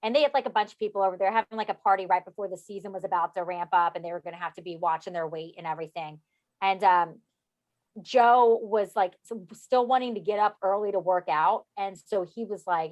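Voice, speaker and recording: A woman telling a funny story in a lively, laughing way, with lots of fillers. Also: mid-range voice, fairly quick. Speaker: coach's wife. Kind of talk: casual storytelling.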